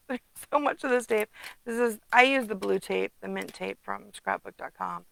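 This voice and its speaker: A woman's voice: mid-range voice, normal speed, vocal fry, fairly bright tone, low-quality recording. A woman casually demonstrating card making at her desk, chatty, humming to herself and muttering asides. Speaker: craft demonstrator.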